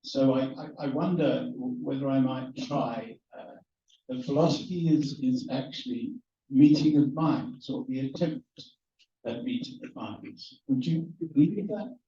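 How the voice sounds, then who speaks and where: Male audience member, hesitant, mellow, far off in a roomy hall. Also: medium pitch, measured pace, muffled recording. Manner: hesitant, with many fillers. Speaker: audience member asking a question. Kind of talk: question from the floor.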